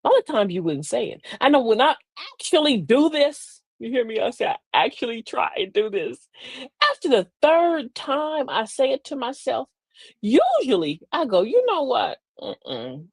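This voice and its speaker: A woman's voice: a little high, sing-song, moderate pace, breathy edge, no room sound. A woman hosting a live online talk show in a folksy, preachy way, calling her listeners beloved and laughing often. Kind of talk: live-stream talk with viewer shout-outs.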